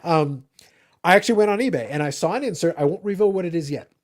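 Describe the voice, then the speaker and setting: A man from Canada hosting a casual livestream, ranting in animated bursts and cursing freely. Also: fairly high pitch, fast talker. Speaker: livestream host. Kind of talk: casual chat.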